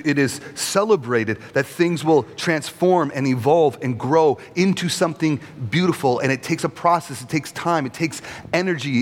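Male preacher, mid-pitched, casual and jokey, in a hall with a long echo. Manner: conversational and humorous, with frequent rhetorical "right?". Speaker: pastor. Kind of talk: sermon.

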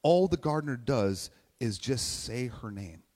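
A man's voice: medium pitch, animated, a little slow, a little mellow. A man preaching a conversational sermon, emotional and close to tears at times, who keeps asking "right?". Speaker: pastor. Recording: long hall reverb.

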